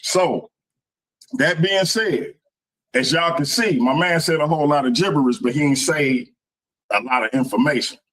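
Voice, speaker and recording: A man's voice: a little high, moderate pace, a bit bright, rough recording. Laid-back man debating online. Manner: laid-back, addresses audience as y'all. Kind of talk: casual debate speech. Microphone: video call.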